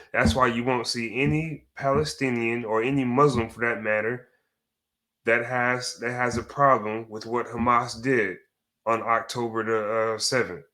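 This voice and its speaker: A man's voice: medium pitch, bright, forceful tone. A man giving a heated, profane reaction rant as a commentator, cursing and restarting his sentences as he goes.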